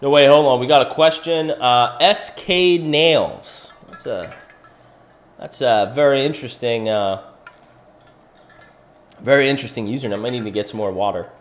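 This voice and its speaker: A man's voice: medium pitch, normal speed, pauses often. A middle-aged man from Pennsylvania hosting a crypto livestream, walking through price charts and answering viewers in chat by name. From Pennsylvania, USA. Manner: animated, talks to viewers by name. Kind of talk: live chart analysis with chat questions.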